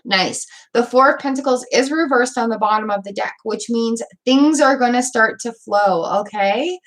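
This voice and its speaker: A woman's voice: fairly high pitch, moderate pace, fairly bright tone. A woman giving tarot card readings on a live stream, encouraging and chatty, repeating words and using fillers as she goes. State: hiccups. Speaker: tarot reader.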